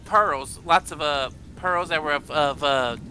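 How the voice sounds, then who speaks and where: A man's voice: on the high side, measured pace, pushed and bright, slight background noise, low-quality recording. A man playing a tabletop role-playing game in character, talking in a rambling, hesitant way with many fillers. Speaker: player.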